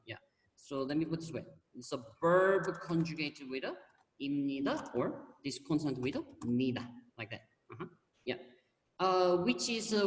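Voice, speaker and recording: A Korean-accented teacher explains grammar over a video call, patiently repeating words and filling pauses with soft "mm-hmm"s. The voice sits away from the microphone in a roomy space with a long, lingering echo. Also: medium pitch. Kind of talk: online class explanation. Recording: echoey room heard from far off.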